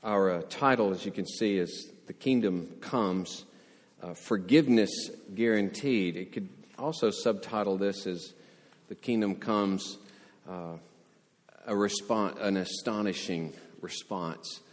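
A man's voice: fairly low pitch, unhurried. Storytelling male preacher in a reverberant hall. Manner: storytelling, animated voices for quotes. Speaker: pastor. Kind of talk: sermon.

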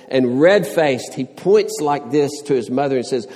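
A man's voice: medium pitch, expressive, unhurried, few pauses, dark tone, long reverb tail. A man preaching a sermon, earnest, pressing his points with rising questions and everyday illustrations. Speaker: pastor.

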